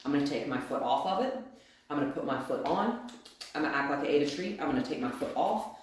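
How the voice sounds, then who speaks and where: A woman's voice: low-pitched, animated, quick pace. Woman trainer in a very echoey room. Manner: explains each step aloud, often tags lines with "right?". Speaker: dog trainer. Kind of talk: hands-on dog training lesson. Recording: very echoey room, faint noise.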